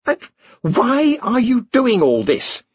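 Man voicing a sharp, haughty elf queen. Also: very high voice, wildly swooping pitch, slow pace, slightly rough, no echo, pitched above the performer's own voice, exaggerated voice. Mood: cold demanding. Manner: sharp, demanding, suspicious. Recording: dull lo-fi dry recording.

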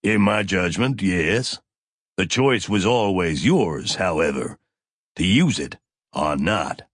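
A man reading an audiobook, voicing a smug, smooth male officer who speaks in a measured, dismissive way. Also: low-pitched, expressive, fairly bright tone, dry recording, studio quality, full character voice. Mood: insistent.

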